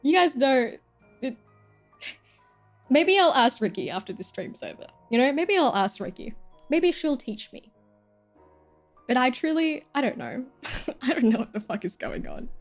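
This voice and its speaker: A young woman streamer chatting casually, rambling and giggling, swearing freely. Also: a little high.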